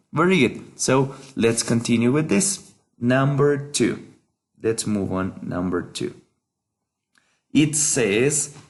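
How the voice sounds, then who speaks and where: Working through a workbook lesson, this patient English teacher speaks slowly in a mid-range voice, saying every word twice so students can hear how it's pronounced. He is a man whose native language is Spanish.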